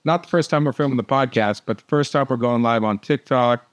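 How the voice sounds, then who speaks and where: A man producing the podcast, making brisk, offhand asides from away from the microphone. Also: mid-range voice.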